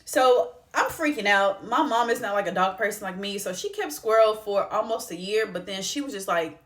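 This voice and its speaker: A woman's voice: medium pitch, lively intonation, moderate pace, hardly any pauses, a bit bright. A young woman vlogger telling a heartfelt personal story in a casual, conversational way, close to tears at times. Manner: tearful, heartfelt, conversational with slang. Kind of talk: emotional personal storytelling vlog.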